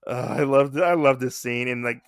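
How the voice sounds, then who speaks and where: A man's voice: medium pitch, a little fast, clean tone, dry recording, studio quality. A man co-hosting a casual podcast, retelling a comic chapter and acting out the characters' lines. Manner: animated, acts out characters' lines while recapping. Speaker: podcast co-host.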